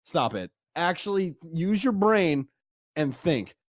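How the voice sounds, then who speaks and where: A man's voice: fairly high pitch, very animated, slow, dry recording, clean studio sound. A man co-hosting a podcast, ranting emphatically with heavy swearing. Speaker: podcast co-host. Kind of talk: casual podcast chat.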